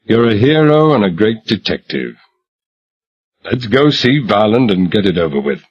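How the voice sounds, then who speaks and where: A man's voice: on the low side, sing-song, normal speed, slightly rough. A man voicing a tired undercover detective who keeps his voice level. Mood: weary. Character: weary, steady male undercover detective. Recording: muffled lo-fi recording.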